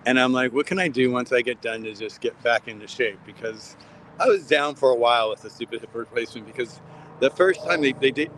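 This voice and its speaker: A man's voice: medium pitch, noisy background. A man rambling heartfelt to his viewers in a casual walk-and-talk vlog, filmed outdoors on a city street. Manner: rambling, heartfelt, repeats himself, talks straight to viewers. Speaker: vlogger filming outside a building.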